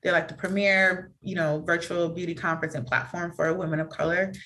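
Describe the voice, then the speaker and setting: A woman guest on a podcast, speaking candidly and earnestly with lots of fillers, acting out quick quotes in an animated way as she tells stories. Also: lowish voice. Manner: earnest, reflective, filler-heavy talk.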